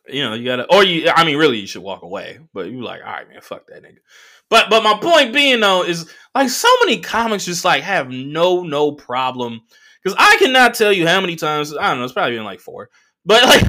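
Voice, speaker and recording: Brief: male comedian-host, bright voice, lively swings in pitch, profane and rambling. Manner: profane, animated, lots of fillers. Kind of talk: casual storytelling monologue.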